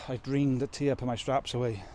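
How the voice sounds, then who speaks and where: A man's voice: medium pitch, noisy background. A man chatting casually as he loads his truck outdoors, rambling and joking at his own expense. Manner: chatty, rambling, self-mocking. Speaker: truck driver vlogger. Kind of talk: casual chat while working. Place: outdoors at a loading yard in rain.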